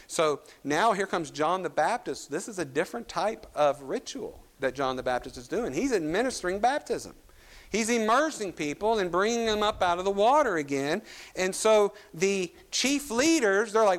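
A man with a Kentucky accent preaching a sermon as pastor, animated, with emphatic rises and some fillers. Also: sits high.

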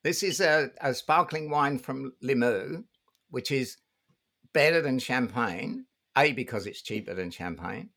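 A woman speaking in a put-on deep Cockney-sounding voice, chatting casually with hesitant repeats. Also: lively intonation, measured pace, fairly bright tone, full character voice. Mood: bluff chatty. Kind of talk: casual podcast chat.

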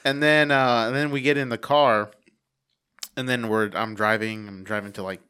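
A man's voice: lowish voice, flat delivery, normal speed, sharp tone, smooth. Laughing, rambling male podcast co-host. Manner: rambling storyteller, laughs a lot, swears. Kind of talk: casual chat.

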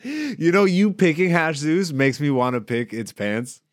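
A man hosting a casual comedy podcast, laughing, swearing and joking, high and relaxed. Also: a little slow, no echo, studio quality. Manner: animated, swearing, laughing a lot. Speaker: podcast host.

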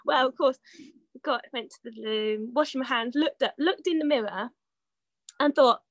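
A woman talks as a guest in a relaxed interview, rambling happily through her stories with plenty of fillers and laughs. Her voice sits a little high. The sound is dry and close, with no room around it. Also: normal speed, no room sound, muffled recording. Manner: chatty storyteller with fillers, laughs often. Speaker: guest, horse rider. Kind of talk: casual anecdotal chat.

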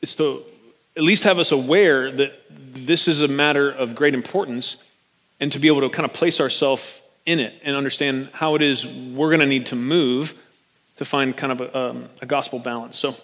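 A man's voice: medium pitch, steady tone, moderate pace, a bit bright, long reverb tail. A man preaching a casual, joking sermon as a pastor, often checking in with his listeners. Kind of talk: conversational sermon.

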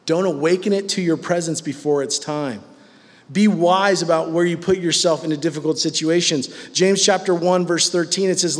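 A man's voice: a little high, normal speed, long reverb tail. A man preaching a sermon in a conversational, emphatic way.

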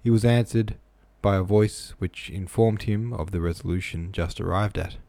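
A man's voice: fairly low pitch, fairly even intonation, moderate pace, creaky, warm tone, no echo. A man reading a novel aloud, plain with casual asides, close-miked in a small room. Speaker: reader.

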